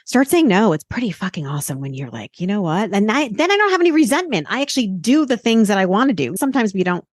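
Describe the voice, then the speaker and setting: A woman's voice: medium pitch, very animated, fast, no echo, studio quality. A woman co-hosting a casual podcast chat, profane and laughing often. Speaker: podcast co-host.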